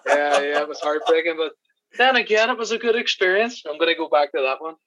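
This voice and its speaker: An Irish man, a podcast guest, telling animated stories in casual chat, swearing and laughing as he goes. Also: a little high, fast talker, highs cut off, over loud music. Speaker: podcast guest, special effects crew member.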